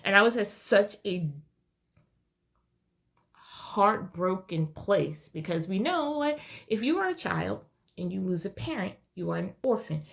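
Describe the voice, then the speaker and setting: Slow, gravelly-voiced woman telling a painful story. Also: medium pitch. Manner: slow, halting, tearful and heartfelt, dropping to whispers. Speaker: vlogger sharing a personal story. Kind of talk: emotional personal testimony.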